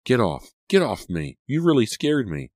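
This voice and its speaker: A man's voice: low-pitched, sing-song, normal speed, no echo, clean studio sound, pitched above the performer's own voice. A man voicing an anxious teenage girl babysitter in an audiobook, calling out in a pleading, jumpy way. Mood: startled. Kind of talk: audiobook character voice.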